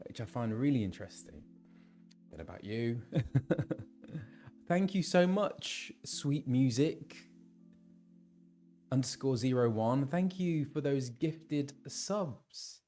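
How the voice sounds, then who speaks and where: A man's voice: mid-range voice, sing-song, slow, pauses often, mellow, faint music behind. A man who voices game characters, chatting casually with his live-stream viewers and reading out where they are from. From England.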